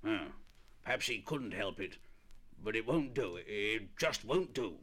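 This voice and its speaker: A man's voice: lowish voice, expressive, unhurried, sharp tone, slightly rough, full character voice. A man doing a fussy, dithering zoo director. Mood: fussy reproach. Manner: repetitive, dithering, tutting. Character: fussy, mildly cross male zoo director. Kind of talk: storybook record reading.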